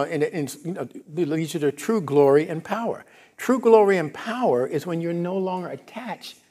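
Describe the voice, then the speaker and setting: A middle-aged male minister giving a conversational sermon in a church, often asking the congregation if they follow. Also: fairly high pitch. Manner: casual, animated, asks the congregation if they follow. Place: church sanctuary.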